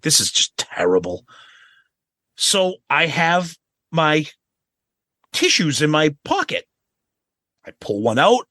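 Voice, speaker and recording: Guy co-hosting a podcast, swears a lot telling stories, bright voice, bouncy pitch. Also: no echo. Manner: animated, profane storytelling. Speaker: podcast co-host. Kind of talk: casual podcast chat.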